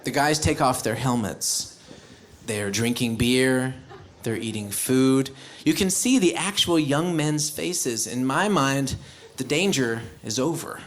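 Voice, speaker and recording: An American man performing stand-up on stage, telling a story with animated acted-out bits and sudden loud outbursts. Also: medium pitch, slow pace, a little hiss or hum. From United States. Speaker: stand-up comedian. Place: live comedy stage before an audience.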